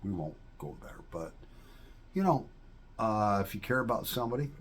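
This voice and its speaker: A man talks casually to his viewers in a husky, somewhat low voice. He rambles in a folksy way and keeps tossing in little checks with his audience. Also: very animated, normal speed. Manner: rambling, folksy, with frequent "all right?" asides. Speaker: vlogger.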